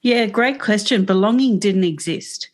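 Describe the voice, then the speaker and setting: A woman's voice: mid-range voice, measured pace. An Australian woman, a podcast guest, telling her own life story in a frank, matter-of-fact way. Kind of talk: podcast interview.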